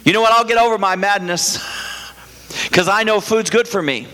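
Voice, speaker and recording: A male pastor with a strikingly high, bright and forceful voice preaches in a casual, animated way and keeps asking the congregation questions. His voice rings with a long hall reverb from the church sanctuary. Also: normal speed. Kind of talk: sermon.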